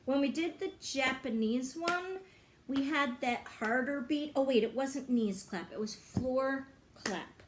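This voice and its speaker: A woman music teacher talking brightly and encouragingly to young children, now and then singing a short greeting song. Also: high voice, a little slow, slight background noise.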